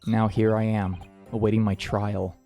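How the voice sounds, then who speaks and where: A nervous young guy stuck on trial, a man reading him out loud from a game, plain everyday voice with faint music under it. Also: lowish voice, little pitch movement, moderate pace, pitched below the performer's own voice, close to an everyday voice. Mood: anxious. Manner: earnest dialogue read aloud from the game.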